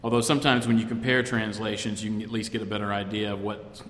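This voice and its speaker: A man gives an informal Bible class lecture, speaking in a thoughtful, halting way and restarting his phrases as he goes. His voice carries a roomy echo with a long reverb tail. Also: fairly low pitch, level tone, fairly bright tone. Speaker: Bible study teacher. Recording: echoey room with long reverb.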